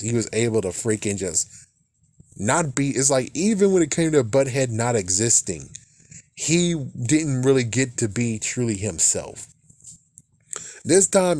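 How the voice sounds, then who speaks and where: A man's voice: medium pitch, a little mellow, no echo. A young man recapping a movie in a loose, rambling way, swearing freely and restarting his sentences. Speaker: movie reviewer.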